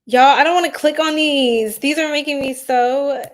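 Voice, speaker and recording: A woman's voice: high-pitched, fairly even intonation, normal speed. A woman hosting a casual astrology livestream, chatting with her viewers in a giggly, flustered way. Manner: giggly, flustered, talks straight to chat.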